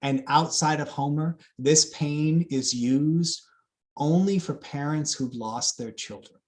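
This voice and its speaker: A man giving a lively public lecture on epic poetry, with fillers and asides to the audience. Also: on the high side, slow pace. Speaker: classics lecturer.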